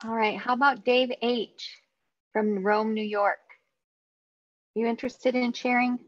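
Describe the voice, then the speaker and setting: A woman hosts an online meeting with a slightly high voice and calls on members in a brisk, friendly manner. The audio is dry and a little dull. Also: steady tone, no room sound. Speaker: meeting host.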